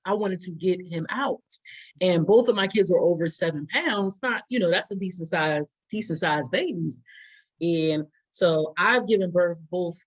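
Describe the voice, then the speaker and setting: A woman's voice: on the low side, a little slow, rough recording. Woman cohost, 30s, chatty and giggly, mouth full of seafood half the time. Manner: animated, laughs often, eating while talking. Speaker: podcast co-host. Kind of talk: casual chat over a meal.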